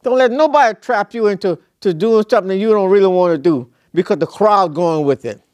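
A man's voice: sits high, no echo, studio quality. A middle-aged man preaching a sermon, folksy and conversational, then rising to emphatic peaks.

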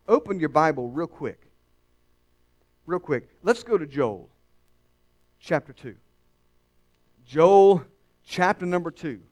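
A male pastor delivers a sermon with a high-pitched voice. He drops to hushed, confiding tones, then builds to loud, emphatic declarations for the congregation. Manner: dramatic, swings from hushed to shouting.

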